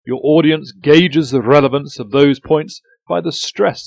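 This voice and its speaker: Guy reading a tips show, steady and deliberate, punches key words, dry close sound. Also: fairly high pitch, gravelly, no room sound. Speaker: newsletter presenter. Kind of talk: scripted presentation tips.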